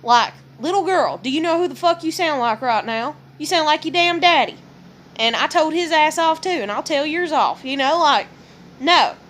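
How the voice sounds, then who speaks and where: Blunt, profane woman venting, high voice. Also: animated, normal speed, a bit bright, slight background noise. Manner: blunt, profane, heated, quotes others in dialogue. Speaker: parent venting about relationships. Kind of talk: casual vlog rant.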